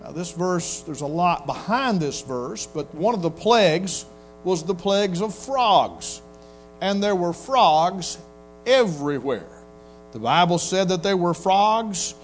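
A man's voice: high voice, lively intonation, slow pace, faint music behind. A man preaching a sermon in a folksy, storytelling way, acting out quotes. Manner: folksy Southern preacher, acts out quotes in voices. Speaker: pastor.

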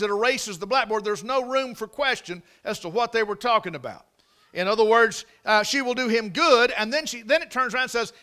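A man delivering a sermon in a high, bright voice. He leans on repetition and slows right down to stress key phrases. He keeps checking in with the congregation through rhetorical questions. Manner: preaching with repeated words, drawn-out emphasis and rhetorical questions. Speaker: pastor.

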